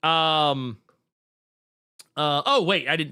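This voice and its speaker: A male podcast host in loose, casual chat, blunt and full of profanity. His voice is bright and forward, and his pitch leaps up and down as he talks. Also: animated, takes it slowly, long pauses, clear, resonant tone.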